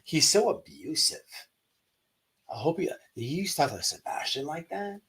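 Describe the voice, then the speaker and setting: A man's voice: a little high, huge pitch swings, normal speed, fairly bright tone, slightly rough, heavily acted. A man voicing a gossipy online commentator who acts shocked and outraged, in a mocking tone. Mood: mock outrage.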